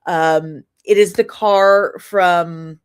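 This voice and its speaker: A middle-aged woman co-hosting a casual podcast chat, an animated storyteller who laughs often. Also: on the low side, extremely slow, clean tone. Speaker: podcast co-host.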